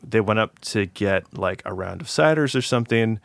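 A man's voice: on the low side, lively intonation, moderate pace, vocal fry, dry recording, clean studio sound. A man telling a long story in a casual podcast chat, rambling with lots of fillers.

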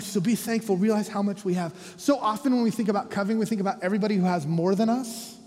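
A middle-aged North American man preaching a sermon as a pastor, with animated humor and lines that drop to a soft, quiet close. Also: high-pitched. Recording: reverberant church hall.

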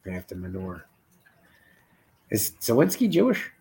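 A man's voice: fairly low pitch, huge pitch swings, unhurried, a little mellow, slight background noise. A man hosting a podcast, tired and laid-back, rambling casually and swearing. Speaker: podcast host. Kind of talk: casual chat.

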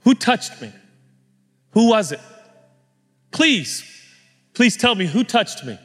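A man voicing Jesus as a gentle, eager adult man, pleading in a raised, tender voice. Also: sits high, big pitch swings, slow, long reverb tail, faint music behind, pitched above the performer's own voice, heavily acted.

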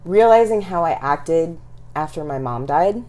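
A woman's voice: sits low, expressive, unhurried, a little mellow. A middle-aged woman from Texas speaking candidly and reflectively as an interview guest, laughing now and then. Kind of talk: casual conversational interview.

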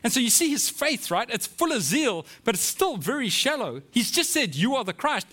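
A man preaching a sermon in a conversational way, often checking in with the listeners with quick asides. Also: very high voice, sing-song, bright, forceful tone. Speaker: pastor.

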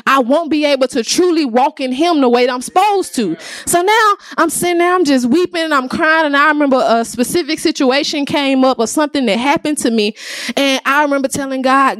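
A woman telling her faith testimony, animated and acting out the voices in her story. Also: high-pitched, no echo, studio quality.

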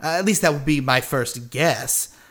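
A man's voice: mid-range voice, a bit bright, lightly acted. A man voicing a pompous, genteel male interdimensional traveler who speaks in a florid, formal way. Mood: musing. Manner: florid, formal, drawn-out speech.

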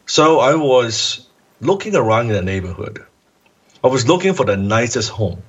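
A man with a husky, slightly breathy voice tells an animated story as an interview guest. He jumps into the voices of the people he quotes and drops the odd curse along the way. The recording sounds dull and lo-fi. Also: fairly low pitch, moderate pace. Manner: animated, acts out quoted voices, swears casually. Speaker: guest entrepreneur.

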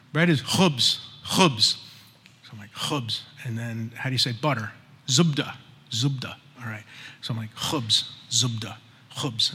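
A man telling a personal story in an animated way, acting out the voices of people in it and using many fillers. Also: a little high. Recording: long hall reverb with faint music.

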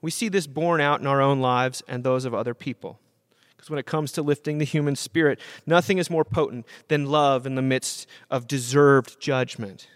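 A man's voice: medium pitch, steady tone, moderate pace, clear, resonant tone, no room sound, studio quality. A man giving an earnest talk on law and gospel, stressing key phrases and often restarting his sentences. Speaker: speaker on Christian theology.

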